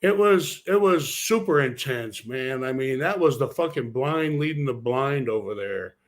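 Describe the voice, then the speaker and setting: A man's voice: mid-range voice, lively intonation, unhurried. A former wrestler talks through his career in a casual interview. He rambles from one story to the next and swears constantly.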